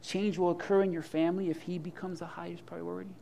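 Animated high-voiced male preacher. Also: fast, creaky, a little hiss or hum. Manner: animated, swings from loud to hushed; preaching with humor and imagined dialogue. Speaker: pastor. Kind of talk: sermon.

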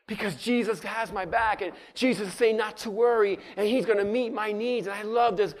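High-voiced man preaching a rousing sermon. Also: brisk. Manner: rousing, calls on the congregation to respond. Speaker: pastor.

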